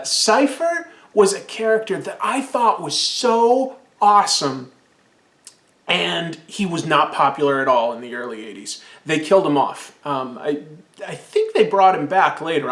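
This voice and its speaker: An enthusiastic man rambles through a casual comic book review while sipping absinthe. His voice sits somewhat high for a man. The room around him is roomy and echoey. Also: expressive, unhurried, a bit bright.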